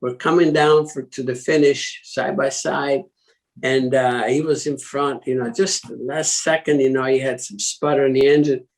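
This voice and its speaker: An elderly man tells long, meandering stories as an interview guest. He laughs softly between phrases and restarts his sentences often, in a voice of ordinary middle pitch. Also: steady tone, moderate pace, rough recording. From Italy. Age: 80s. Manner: chuckling, rambling with many restarts. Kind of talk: casual anecdotal storytelling.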